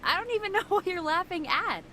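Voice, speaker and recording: A woman's voice: very high-pitched, sing-song, pushed and bright, a little hiss or hum, full character voice. A woman voicing a bubbly, teasing young woman. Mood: flustered. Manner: teasing, bubbly, quick to laugh. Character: playful, cookie-loving young woman friend.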